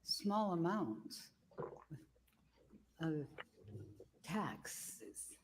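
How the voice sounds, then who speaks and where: A woman giving public comment at a council meeting, halting with fillers and restarts. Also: lowish voice, expressive, noisy background.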